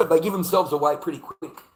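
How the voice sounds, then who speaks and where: An Australian vlogger delivers a casual monologue, blunt and heavily profane, repeating his points to hammer them home. His voice sits on the high side and sounds a bit bright, and the recording is rough.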